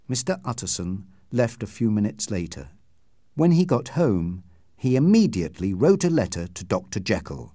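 A man narrating an audiobook in a clear, measured reading style. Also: fairly low pitch, sing-song, a little mellow, dry recording, studio quality.

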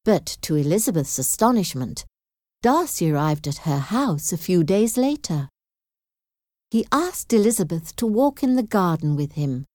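A woman narrating a storybook in a clear, measured reading. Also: lowish voice, very animated, a little mellow, dry recording, studio quality.

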